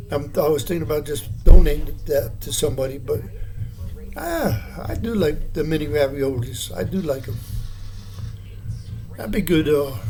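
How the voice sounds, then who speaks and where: Rambling older man, slightly high voice. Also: creaky, dark tone. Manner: meandering, plainspoken, with many fillers and restarts. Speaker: vlogger. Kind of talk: casual rambling monologue.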